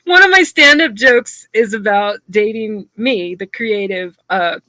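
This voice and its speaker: Hosting a stream, this Southern US comic artist and stand-up comedian laughs a lot as she chats casually and works in her stand-up jokes. Her medium-pitched voice sounds pushed and bright, moving at a measured pace with no room sound.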